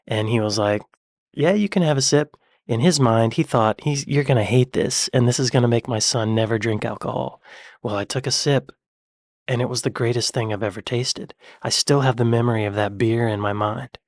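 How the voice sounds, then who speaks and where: A man talks casually over a reaction video, joking and sarcastic. His voice sits at an ordinary middle pitch. The sound is dry and close, with no room echo. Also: fairly even intonation, a little fast. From United States.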